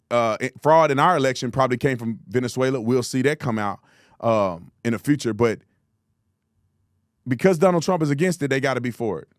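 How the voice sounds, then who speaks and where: A man hosting political commentary, talking in a blunt, mocking, animated way. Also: medium pitch, no echo, studio quality. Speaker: host.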